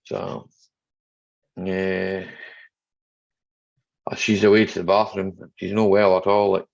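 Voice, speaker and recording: Middle-aged Scottish man, gravelly and unhurried, hosts a chatty home live stream; dull lo-fi sound. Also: deep voice, flat delivery, darkish tone. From Scotland. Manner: chatty, joking, greets viewers by name. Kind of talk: casual live chat reading viewer comments.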